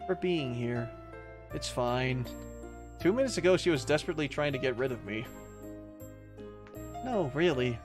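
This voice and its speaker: Man reading game text aloud. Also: medium pitch. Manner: reads narration and dialogue, breaks off to joke and laugh. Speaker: streamer reading a visual novel aloud. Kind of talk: playful read-aloud of game text with commentary.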